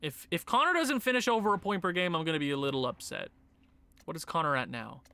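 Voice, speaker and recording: A man giving casual, excitable commentary on a hockey video game, talking to his players and breaking into shouts and laughter. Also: fairly high pitch, fast talker, dry recording. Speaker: gaming YouTuber.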